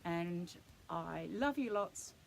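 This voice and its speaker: With a lowish, creaky voice, a grandmother slowly and animatedly reads her grandchild a bedtime picture book, gentle and expressive, complete with playful animal noises. The low-quality recording has slight background noise.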